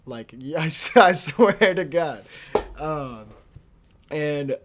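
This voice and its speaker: A man's voice: a little high, expressive, slow pace. Young man telling a wild story, swearing. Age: young adult. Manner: profane, laughing, slangy. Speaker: vlogger. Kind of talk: casual storytelling.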